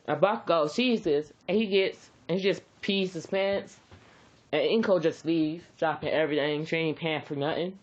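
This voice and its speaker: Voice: medium pitch, moderate pace, muffled recording. A storyteller improvising a fan-fiction story in a rambling, casual way, repeating words and using slang.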